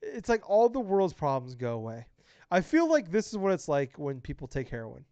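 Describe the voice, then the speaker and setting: Excitable foul-mouthed podcast guy. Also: on the high side, moderate pace, clear, resonant tone, no echo. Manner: excited, profane, gushing. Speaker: podcast co-host. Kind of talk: casual podcast chat. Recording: dry, dull lo-fi podcast mic.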